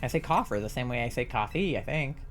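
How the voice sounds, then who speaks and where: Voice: mid-range voice, animated, fast talker, fairly bright tone, soft background music. A live streamer from the Southern United States with a mild Southern accent, chatting casually and swearing freely while gaming, throat sore. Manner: chatty, loose and swearing, often laughing.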